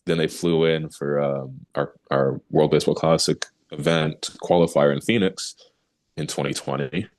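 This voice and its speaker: Deep-voiced man telling a lively story. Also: moderate pace. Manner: animated storyteller who acts out quoted remarks, laughs easily. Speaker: pitcher, interview guest. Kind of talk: casual storytelling interview.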